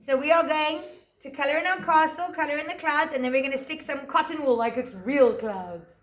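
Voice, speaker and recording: A woman, a teacher telling a fairy tale to young children and guiding a craft, in a gentle sing-song voice that stretches words out. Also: sits high, brisk, roomy sound. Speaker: preschool teacher. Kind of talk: storytelling and craft lesson for children.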